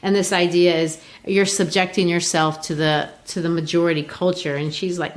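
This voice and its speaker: A woman from Brazil hosts a casual literature podcast, talking through a play in a chatty, explanatory way. Her voice sits slightly low, and she often restarts her sentences as she thinks aloud. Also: level tone, moderate pace, few pauses. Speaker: podcast host.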